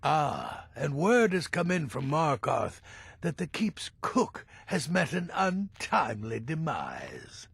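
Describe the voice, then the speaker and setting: An actor playing a sardonic older male assassin in a video game, speaking in dry, measured, ironic tones with a gravelly, raspy voice. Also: fairly high pitch, huge pitch swings, fairly bright tone, dry recording, exaggerated voice.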